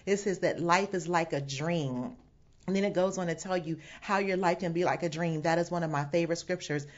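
Woman, pastor, sermon, lowish voice, emphatic quoted asides, dull lo-fi recording. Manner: warm preacherly teaching with bursts of laughter and emphatic quotes. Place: home setting away from the sanctuary. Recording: dull lo-fi sound.

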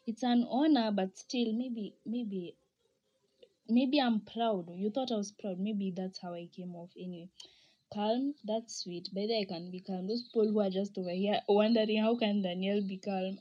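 A woman's voice: medium pitch, warm tone, dull audio. Chatty Kenyan woman, laughing often. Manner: chatty, laughs often, mixes Swahili slang into English. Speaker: podcast host. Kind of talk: casual chat reading listener comments.

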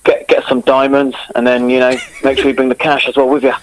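A man's voice: medium pitch, completely flat delivery, fast, a little hiss or hum, close to an everyday voice, rough recording. A man putting on a Cockney accent to play a cheeky getaway crook, chatty and conspiratorial. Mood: scheming. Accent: put-on Cockney. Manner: chummy, laughing, conspiratorial.

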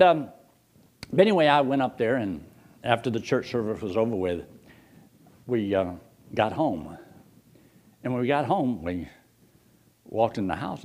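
With a mid-range voice, a man delivers a storytelling sermon in a folksy, animated style, often chuckling and addressing the congregation directly.

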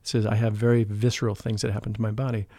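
A man talking as a guest in an interview, telling a personal spiritual story in an earnest, emotional way. He often drops into a hushed voice when he quotes people. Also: fairly low pitch, level tone, fast talker, no room sound. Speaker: podcast guest, spiritual life coach.

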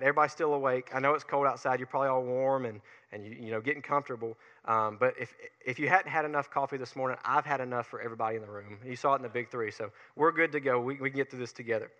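A man with a Southern US accent preaching a sermon in an energetic, folksy way, picking up speed as he gets fired up. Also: mid-range voice, in a large hall, highs cut off. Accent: Southern US, Alabama Gulf Coast. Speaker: pastor.

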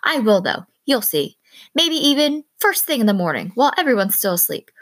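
A woman's voice: a little high, very animated, fairly quick, a bit bright, dry recording, voice pushed up. A woman voicing a restless, stubborn young girl who speaks earnestly and wistfully. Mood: defiant.

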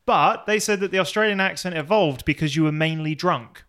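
A man's voice: a little high, brisk, fairly bright tone, clear, resonant tone. A man co-hosting a podcast, chatting casually with short, upbeat replies. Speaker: podcast co-host. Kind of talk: casual chat.

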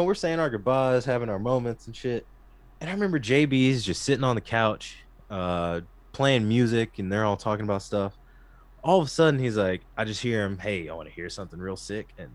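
A man with a lowish voice chats in an eager, slangy way, dropping "like" all through his speech. The sound is dry and close. He comes across as a guest musician telling tour stories. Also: no room sound. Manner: excitable, slangy, heavy use of "like". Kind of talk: casual chat.

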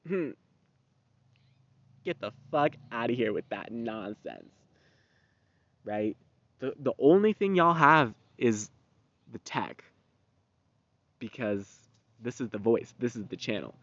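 A young man in his twenties hosting a podcast, talking in a rambling, profane, animated monologue. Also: medium pitch, takes it slowly, long pauses, dry recording. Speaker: podcast host. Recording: dull, dry lo-fi recording.

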